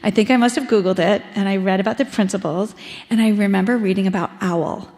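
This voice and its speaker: A woman's voice: medium pitch, fairly even intonation, fast, darkish tone. Reflective woman in an echoey church. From Ohio, USA. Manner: conversational, reflective, frequent ums. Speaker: congregant giving a reflection. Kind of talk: personal testimony in a service. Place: church sanctuary. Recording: echoey church hall with long reverb.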